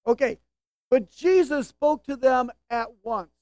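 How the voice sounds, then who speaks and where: A woman's voice: fairly high pitch, normal speed, darkish tone, dry recording. A woman preaching a sermon in a conversational way, with humorous asides and rhetorical questions to her listeners.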